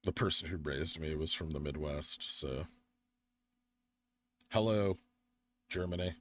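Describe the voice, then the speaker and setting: Tired, rambling man with a deep voice. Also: measured pace, fairly bright tone. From United States. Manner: rambling, talks while reading chat and charts. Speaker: livestream host. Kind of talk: casual live-stream chat.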